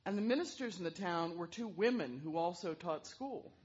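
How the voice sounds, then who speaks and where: Lively, breathy woman telling a story. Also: lowish voice, normal speed, dull audio. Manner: lively, with vocal sound effects. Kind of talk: animated oral storytelling.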